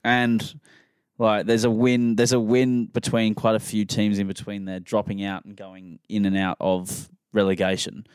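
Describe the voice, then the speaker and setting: A man's voice: fairly low pitch, little pitch movement, measured pace, darkish tone, clear, resonant tone, dry recording, clean studio sound. A man, hosting a casual podcast chat and rambling enthusiastically about sport. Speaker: podcast host.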